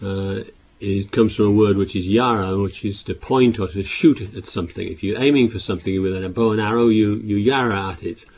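A male preacher with a low, mellow voice and a slightly husky edge. He gives a sermon, raising his voice to read scripture and then dropping back to explain it with halting restarts. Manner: reads scripture aloud louder, with halting restarts.

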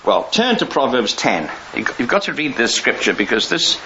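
Bright-voiced man preaching a rambling sermon. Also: mid-range voice, big pitch swings, normal speed. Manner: rambling, conversational, with restarts and chuckles. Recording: dull lo-fi recording with faint hiss.

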